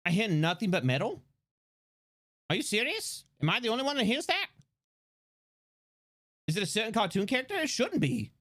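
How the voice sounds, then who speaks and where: A man streaming live, chatting excitably, swearing and rambling with restarts into a desk microphone. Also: high-pitched, normal speed, long pauses. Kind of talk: casual live-stream chat.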